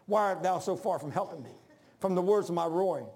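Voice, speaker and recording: A man preaching a sermon, emphatic, calling out to the congregation and dropping to hushed lines between loud peaks. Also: high voice, brisk, gravelly. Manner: calls for congregation responses.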